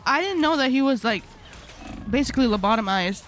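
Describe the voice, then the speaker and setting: A woman's voice: high-pitched, animated, brisk, fairly bright tone, faint music behind. Slangy young woman streamer, rambling. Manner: rambling, slangy storytelling that breaks into laughter. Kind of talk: casual live-stream chat while gaming.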